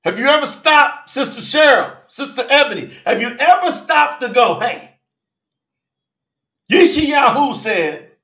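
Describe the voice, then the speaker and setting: A man preaching in a livestream sermon, fervently calling out viewers by name and swinging between shouts and low murmurs. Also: big pitch swings, a little slow, echoey room. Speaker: preacher hosting a live Bible study.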